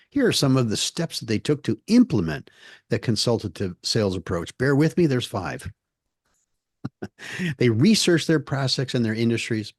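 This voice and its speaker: A man's voice: medium pitch, darkish tone, dry recording, studio quality. A man co-hosting a small business podcast, explaining a sales example in a casual way with small slips. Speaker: podcast co-host.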